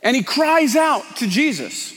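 A man's voice: very high-pitched, expressive, unhurried, fairly bright tone, in a large hall. A man preaching a sermon as pastor, talking in a conversational, emphatic way.

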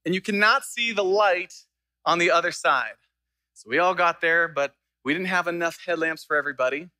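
A young man preaches with a high, very bright voice. He tells stories with lively energy and acts out the people he quotes. The sound is close and dry. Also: moderate pace, no room sound, poor audio. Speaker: pastor. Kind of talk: sermon.

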